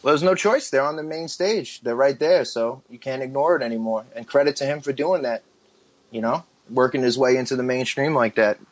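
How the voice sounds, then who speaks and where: A man's voice: mid-range voice, fairly quick, no room sound. A man in a casual podcast chat, laid-back and teasing the others. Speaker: podcast regular.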